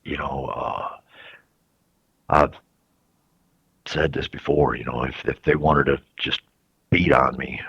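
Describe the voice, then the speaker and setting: Deep-voiced man, husky, hesitant and soft-spoken, dry dull lo-fi sound. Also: fairly even intonation, no echo. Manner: halting, soft-spoken, frequent restarts. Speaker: incarcerated interviewee. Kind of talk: reflective interview answers. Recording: dull lo-fi recording.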